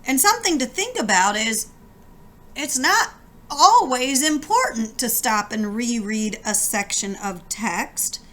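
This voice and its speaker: Bright-voiced woman teacher. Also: on the high side, lively intonation, takes it slowly. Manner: instructive, posing questions to students. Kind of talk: recorded reading lesson.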